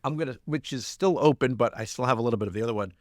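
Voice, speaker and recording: A man's voice: mid-range voice, very fast, no room sound, studio quality. A man co-hosting a casual podcast, playfully reading a listener's email aloud. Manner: playful, reads with a mock folksy lilt. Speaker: podcast co-host.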